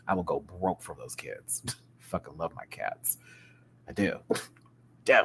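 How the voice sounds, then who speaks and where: Animated man chatting on a live stream. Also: takes it slowly, creaky, long pauses, slight background noise. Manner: animated, chatty, expressive pitch swings and laughs. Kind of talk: casual live-stream chat.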